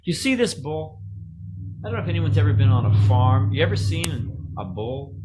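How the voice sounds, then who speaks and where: A middle-aged man giving a casual, joking spiritual talk, pausing to ask the audience questions. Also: on the high side, lively intonation, noisy background.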